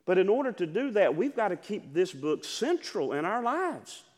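An older man, a pastor, preaching an impassioned sermon, repeating phrases and rising to loud emphasis. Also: high-pitched, big pitch swings, normal speed, in a large hall.

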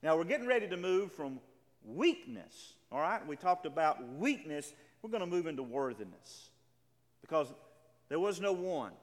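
A man's voice: a little high, sing-song, normal speed. A man preaching a sermon, emphatic and full of stammering restarts, reading scripture aloud with drama. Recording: reverberant hall.

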